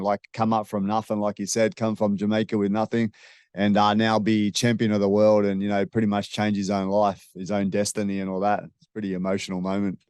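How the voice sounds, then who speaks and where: A man hosts a casual chat in a smooth, clear voice, recorded dry and close. He talks bluntly, gives his opinions freely and swears without holding back. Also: fairly low pitch, a little mellow, dry recording.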